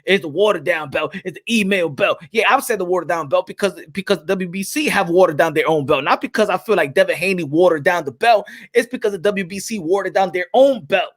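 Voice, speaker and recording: A man hosting a boxing talk show, chatting to viewers with hyped, drawn-out emphasis. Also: sits high. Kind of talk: animated boxing commentary chat.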